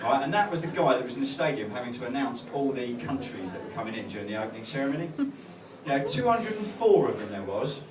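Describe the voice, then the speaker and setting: With a mid-range, sing-song voice, this man talks fast and barely pauses. He's doing stand-up on a club stage, hesitating and rambling with many fillers and do-overs. A loud crowd's laughter rings through the distant, roomy audio.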